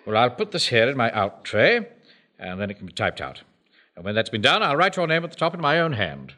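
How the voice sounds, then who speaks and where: A pompous bank manager. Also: male voice, medium pitch, wildly swooping pitch, a little fast, bright, forceful tone, exaggerated voice. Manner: pompous, blustering, commanding. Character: pompous middle-aged male bank manager, self-important officer. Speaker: bank manager and platoon commander. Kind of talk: broadcast sitcom acting.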